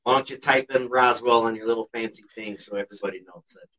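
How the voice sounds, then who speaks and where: A man's voice: mid-range voice, fairly even intonation, quick pace, pushed and bright. A man co-hosting a podcast, telling a story in a blunt, sarcastic way, swearing constantly. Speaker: podcast co-host. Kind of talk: casual podcast chat. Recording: dull lo-fi sound, distant from the mic.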